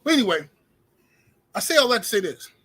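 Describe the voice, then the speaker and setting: Slangy, ranting man with a bright, husky voice. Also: high-pitched, sing-song, fairly quick. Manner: loose slangy rant, greets viewers. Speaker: livestream host. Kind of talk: casual livestream commentary. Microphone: streaming setup mic.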